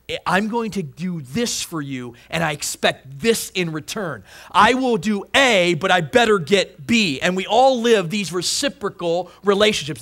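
High-voiced man preaching a sermon. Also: a bit bright. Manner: emphatic, repeats phrases, many restarts. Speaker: pastor.

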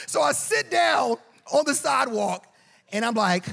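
A man preaching a storytelling sermon in a church, animated and joking. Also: very high voice, normal speed, vocal fry, breathy edge. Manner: animated and joking, acts out quoted voices. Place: church auditorium.

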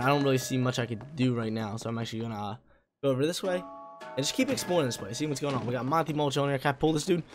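A young man, a little hoarse, giving laid-back, slangy gameplay commentary with excitable bursts. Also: medium pitch.

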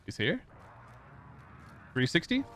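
A man streaming a shooter game, trash-talking, laughing and shouting excitedly as he plays. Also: on the high side, slow pace, heavy background noise. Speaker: gaming streamer. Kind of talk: excited gameplay commentary.

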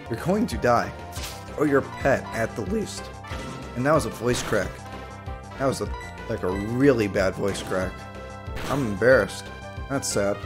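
A male streamer bantering on a live stream, loud and jokey, swinging into mock outrage and goofy repetition. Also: mid-range voice, lively intonation, slow pace, long pauses, soft background music.

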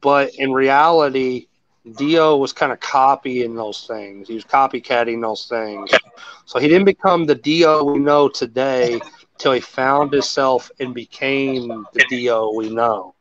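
A man's voice: medium pitch, unhurried, muffled recording. A man chatting casually as a host, rambling and swearing as he tells stories. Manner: rambling, profane, animated storytelling. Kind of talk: casual chat.

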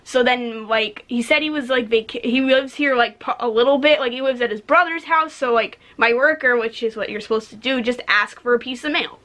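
A young woman vents in a casual vlog, blunt and exasperated, with a lot of "like" and the odd swear word. Her voice sits a little high and sounds bright and sharp. She is a cashier complaining about customers. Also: fairly quick, hardly any pauses. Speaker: vlogger, retail cashier.

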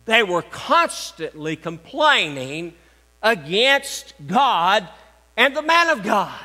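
An older man preaches from the pulpit in a homespun, teasing way, circling back to the same phrases. His voice sits high and sounds piercingly bright. A long reverb trails after him through the church. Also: sing-song, slow. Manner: folksy, joking preaching with repeated phrases. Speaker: pastor. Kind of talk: sermon. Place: church sanctuary.

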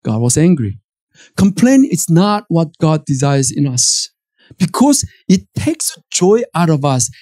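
Animated Korean-accented male pastor preaching. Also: fairly high pitch, measured pace, no room sound. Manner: animated, emphatic preaching with fillers and restarts. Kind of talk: sermon. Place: church auditorium.

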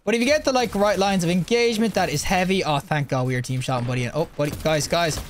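A young man hosting a gaming video, giving live gameplay commentary and reacting excitably as he plays. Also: fairly high pitch, fast, a little hiss or hum. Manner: excitable, yelps and laughs mid-play.

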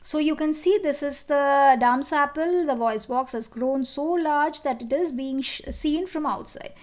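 A woman with a high voice teaches a biology lesson. She explains each point step by step, with fillers and restarts along the way. She often turns to ask the class questions. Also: measured pace. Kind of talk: classroom lecture.

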